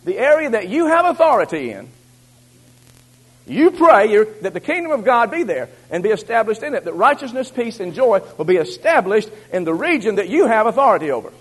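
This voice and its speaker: A man preaching a sermon, shifting between loud exhortation and low, confiding asides. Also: sing-song, brisk, husky, poor audio.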